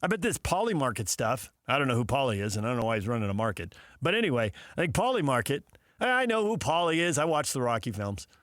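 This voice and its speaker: A man's voice: medium pitch, big pitch swings, fast talker, a bit bright, dry recording, studio quality. A man hosting a sports talk show, riffing casually with sarcastic asides and mock dialogues.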